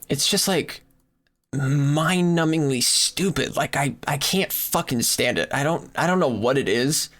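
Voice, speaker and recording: A man's voice: on the high side, slow pace, fairly bright tone. A young man on a podcast ranting in exasperation, swearing heavily as he complains in casual chat. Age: young adult. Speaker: podcast co-host. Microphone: far from the mic at times.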